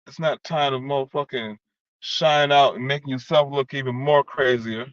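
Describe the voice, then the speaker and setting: A man's voice: mid-range voice, moderate pace, dry recording. Man, heated vlog rant, rambling, swears a lot, dead-dry muffled recording. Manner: rambling, profane, keeps repeating "you know what I'm saying". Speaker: vlogger. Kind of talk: heated venting monologue.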